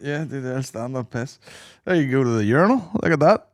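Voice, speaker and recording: A man's voice: medium pitch, expressive, a little fast, no echo, studio quality. Crude, giggly male co-host. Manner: crude, giggly, bursts of laughter. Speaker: podcast co-host. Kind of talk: casual banter.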